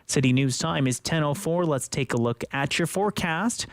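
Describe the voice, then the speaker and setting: A man reading the radio news in a brisk, even newsreader delivery. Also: fairly high pitch, dry recording. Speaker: radio newscaster.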